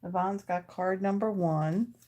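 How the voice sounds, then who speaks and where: Slow, chatty woman hosting a craft stream. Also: lowish voice, fairly even intonation, warm tone, slight background noise. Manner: chatty, thanks viewers by name, talks while tidying her desk. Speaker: host of a live card-making stream. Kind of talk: casual live-stream chat with viewers. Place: home craft studio.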